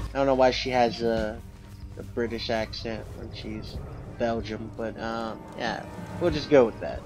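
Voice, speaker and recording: A man's voice: on the low side, steady tone, measured pace. A man doing let's play commentary, reading game text aloud and musing with fillers. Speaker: gamer. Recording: dull lo-fi audio with game music.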